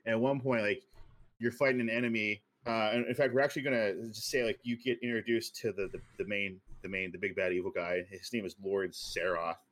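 A man's voice: fairly low pitch, steady tone, fairly quick, fairly bright tone. A man co-hosting a podcast who talks in a casual, rambling way, with many fillers and restarts. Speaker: podcast co-host. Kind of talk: casual chat.

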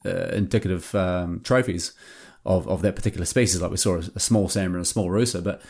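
A man, a hunting show producer telling lively hunting stories in a casual interview. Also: sits low, fast talker, creaky, breathy edge. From New Zealand. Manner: animated anecdotes with acted-out quotes.

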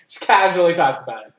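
A young adult co-host in a casual chat, telling a long rambling story full of swearing and "like". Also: medium pitch. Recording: roomy echo.

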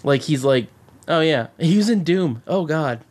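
Guy gushing about a movie on a podcast, kinda high voice, swears a lot, keeps restarting sentences. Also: moderate pace. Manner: excited, profane, rambling with many restarts. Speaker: podcast co-host. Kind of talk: casual chat about a movie.

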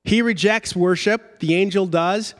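A man with a somewhat high voice preaches, moving between easy conversational explanation and emphatic stress on key words. His voice carries a long reverb, as if from a large church sanctuary. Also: unhurried. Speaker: pastor. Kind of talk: sermon.

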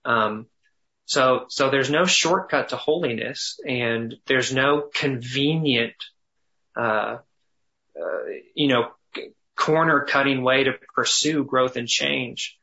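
A man teaching thoughtfully in conversation, often pausing, restarting and slowing down to dwell on phrases. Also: mid-range voice, gravelly, bright, forceful tone, dull audio. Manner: thoughtful, halting with restarts, slows to savor phrases. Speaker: guest teacher on biblical counseling.

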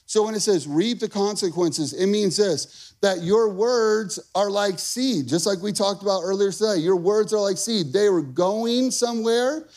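A man in his thirties, a pastor preaching a lively, conversational sermon, calling out to the congregation. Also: high-pitched, a little slow. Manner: energetic, conversational preaching with call-and-response.

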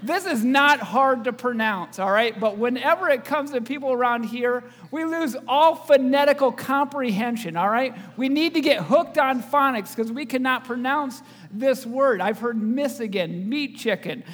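A high-pitched male pastor preaching in a church with a long, ringing reverb. He teases the congregation and tosses questions at them as he goes. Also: normal speed, few pauses, fairly bright tone. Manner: joking, audience-engaging preacher. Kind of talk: sermon.

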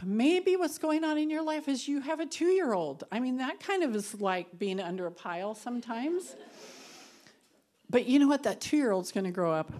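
A woman giving an earnest, conversational devotional talk that ends in prayer, sometimes emotional and near tears. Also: medium pitch. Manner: emotional, tearful at times, laughing through tears; earnest and conversational, shifting between soft and loud. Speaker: women's Bible study speaker.

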